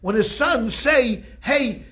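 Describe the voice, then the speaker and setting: A male rabbi teaching a Torah class, telling the story in an animated, conversational way with frequent restarts. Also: sits high, moderate pace.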